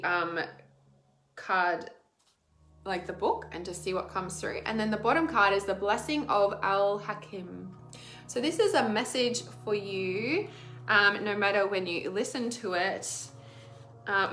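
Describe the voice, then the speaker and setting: A woman's voice: medium pitch, a bit bright, reverberant. A woman, an intuitive healer, giving a casual oracle card reading in a rambling, chatty way, laughing often and filling her talk with "like".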